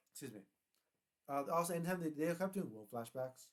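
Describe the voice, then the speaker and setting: Rambling excitable young man. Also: on the high side, moderate pace, heavy background noise. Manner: rambling, excitable, self-correcting. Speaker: YouTuber reviewing a TV show. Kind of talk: casual solo review chat.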